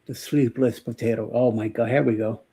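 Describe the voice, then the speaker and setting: A man's voice: medium pitch, steady tone, a little fast, dark tone, slightly rough. A man co-hosting a casual morning live show, joking and rambling with lots of fillers and laughter. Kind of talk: casual live-stream chat.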